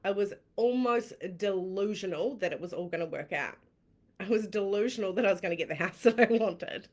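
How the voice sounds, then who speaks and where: A woman with a New Zealand accent, a coach telling her own story in a candid, excitable way, laughing often and swearing casually on a live stream. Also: mid-range voice, a little fast. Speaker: manifestation coach.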